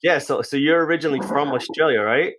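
A man's voice: a little high, fast talker, a bit bright. A man with an American accent hosting a podcast, talking in a rambling, casual way full of fillers. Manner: rambling, filler-heavy, chatty. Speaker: podcast host.

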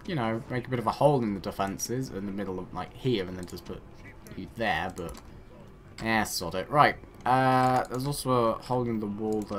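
A man's voice: fairly low pitch, fairly bright tone, slight background noise. A man giving rambling, self-mocking commentary while playing a strategy game and talking to his units. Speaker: gaming channel host. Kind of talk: let's play commentary.

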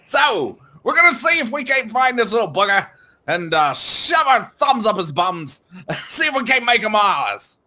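A man putting on an exaggerated, rowdy Australian bloke voice for a gaming video, loud and playful. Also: high voice, big pitch swings, a little slow, gravelly, few pauses, breathy edge, voice pushed up, exaggerated voice. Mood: rowdy joking.

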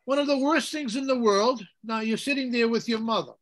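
A priest leads an informal Bible study in a bright, high voice. He is animated, slipping into chanted liturgical phrases and putting questions to the group. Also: fairly quick.

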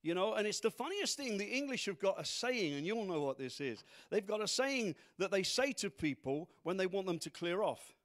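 A man's voice: sits high, sing-song, moderate pace, hardly any pauses. A man preaching a sermon as pastor to a congregation, full of rhetorical questions. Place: church congregation.

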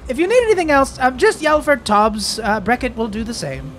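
Man doing a loud, brash old bar boss. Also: very high voice, animated, a little fast, a little hiss or hum, pitched above the performer's own voice. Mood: offhand. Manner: yelling, rough slang.

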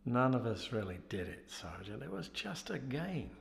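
An acting student playing a young, meek army private who answers quietly and warily. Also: male voice, medium pitch, big pitch swings, normal speed, vocal fry. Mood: guarded. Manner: quiet, guarded replies. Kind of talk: stage scene acting. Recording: echoey hall, off-mic.

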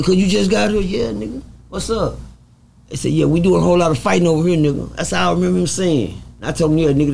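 A man from Fort Worth, telling stories as an interview guest, animated and swearing freely as he acts out the voices of others. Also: on the high side, creaky, a little hiss or hum. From Fort Worth, Texas. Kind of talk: storytelling in a casual interview.

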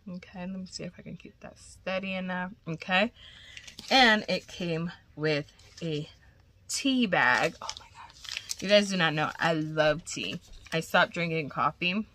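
A woman's voice: on the low side, animated, measured pace, bright, forceful tone. A woman vlogger chatting casually and gushing as she unboxes crochet gifts, cursing now and then.

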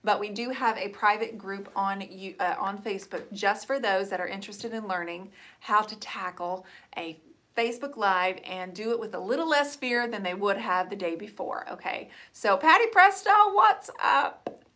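A woman's voice: medium pitch, moderate pace, fairly bright tone. A middle-aged woman hosting a live painting stream, chatting casually and answering viewers. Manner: chatty, rambling, reads out viewer comments. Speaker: host of a live painting show.

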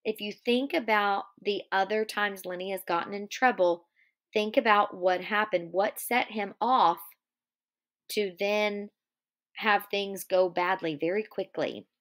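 A woman's voice: medium pitch, measured pace, fairly bright tone. A woman teacher guiding a class reading who stops often to pose questions to her students. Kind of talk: guided reading lesson.

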